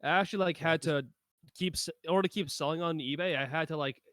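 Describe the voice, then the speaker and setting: A man's voice: on the high side, fast, fairly bright tone. A man hosting a casual podcast chat, rambling and easygoing. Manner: rambling, easygoing, lots of fillers. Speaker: podcast host.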